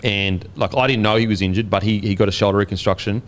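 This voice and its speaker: An Australian man in his thirties hosting a podcast, telling a story in a casual, animated way and swearing freely. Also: lowish voice, fast talker, slight background noise. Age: 30s. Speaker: podcast host and former rugby league player.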